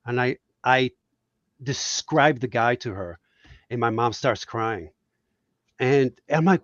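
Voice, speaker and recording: A man's voice: mid-range voice, slow, pauses often, no room sound, lo-fi sound. A man from Puerto Rico, a guest cartoonist, telling reflective, heartfelt stories in a casual podcast chat.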